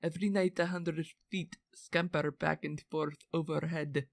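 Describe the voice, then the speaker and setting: A woman's voice: low-pitched, steady tone, a little slow, gravelly, no room sound. Brief: a woman doing a brooding lovesick carver, theatrical accent, dry close sound. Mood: yearning. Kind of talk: dramatic reading of a letter.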